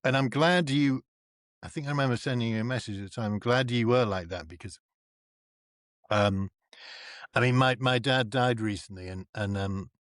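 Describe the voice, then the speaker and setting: A man from North East England, a comedian and actor chatting as a guest and acting out the people in his stories with big leaps in pitch. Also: moderate pace, pauses often, no echo, studio quality. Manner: animated storyteller who acts out quoted people with big pitch jumps. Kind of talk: casual chat.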